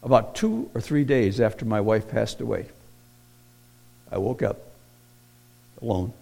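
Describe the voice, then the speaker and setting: A man preaching a sermon, moving from hushed personal storytelling to loud, emphatic declarations. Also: fairly low pitch, measured pace, creaky. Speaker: pastor.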